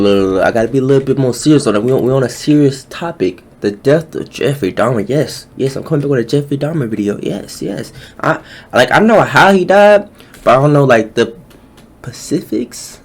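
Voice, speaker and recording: A man giving slangy, joking reaction commentary, his voice jumping high when surprised. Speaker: reaction YouTuber.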